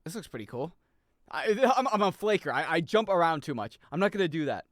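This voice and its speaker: A man's voice: a little high, big pitch swings, brisk, dry recording, clean studio sound. A young adult man streaming a game in casual chat, rambling, swearing and laughing as he plays.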